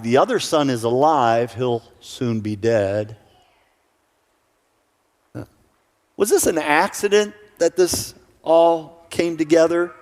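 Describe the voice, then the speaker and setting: A male pastor giving an earnest sermon who often repeats his first words when starting a sentence. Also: medium pitch. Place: church sanctuary. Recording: church hall reverb.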